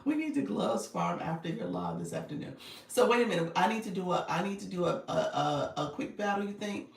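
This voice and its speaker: Woman coach live on stream, chatty and laughing a lot, kinda gravelly, echoey room. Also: lowish voice, big pitch swings, fairly quick, recorded from a distance. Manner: chatty, laughing, talks straight to viewers. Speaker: coach and livestream host. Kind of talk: casual livestream chat.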